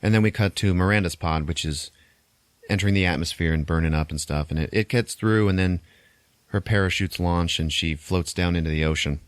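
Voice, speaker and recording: A man's voice: deep voice, a little fast, dry recording. A man co-hosting a podcast, casually recapping a movie plot with lots of swearing. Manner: animated retelling with crude swearing. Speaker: podcast co-host.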